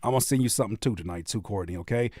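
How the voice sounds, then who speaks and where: A man hosting a casual music livestream, joking in slangy, animated talk and slipping into mock voices. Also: fairly low pitch, racing, breathy edge, no room sound, clean studio sound. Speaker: livestream host reacting to music.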